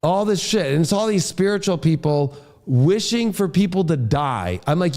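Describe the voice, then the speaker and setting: High-voiced man in a profane rant. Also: lively intonation, unhurried, hardly any pauses, darkish tone. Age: adult, a father. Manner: heated, profane ranting. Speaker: astrologer. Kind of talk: astrology forecast monologue.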